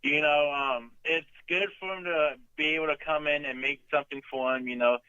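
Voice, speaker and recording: A man's voice: a little high, fairly even intonation, fairly quick, pushed and bright, clean tone, no room sound, highs cut off. A man calling in to a talk show, chatting casually and hesitating with many ums. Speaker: caller. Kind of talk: casual chat on a call-in show.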